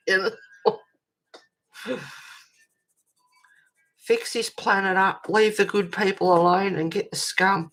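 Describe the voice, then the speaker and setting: A woman's voice: mid-range voice, steady tone, takes it slowly, long pauses, fairly bright tone. An Australian woman chatting bluntly while colouring on a livestream, ranting and swearing freely and reacting to chat messages.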